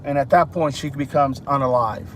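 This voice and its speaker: A man's voice: mid-range voice, steady tone, normal speed. A man hosting a livestream, talking speculatively and addressing his listeners directly, recorded outdoors near traffic. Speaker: livestream host. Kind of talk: speculative live-stream talk.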